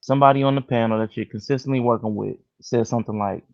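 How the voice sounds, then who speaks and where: A man's voice: mid-range voice, steady tone, quick pace, gravelly, a little mellow. A man on a casual panel who asks questions and reframes the topic as a hypothetical. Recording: dull lo-fi audio.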